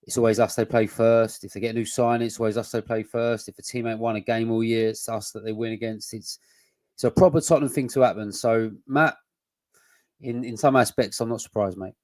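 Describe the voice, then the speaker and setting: A man's voice: medium pitch, steady tone, fairly quick, darkish tone, no room sound. A man, co-hosting a casual football podcast, blunt and sweary with rambling restarts. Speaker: podcast co-host.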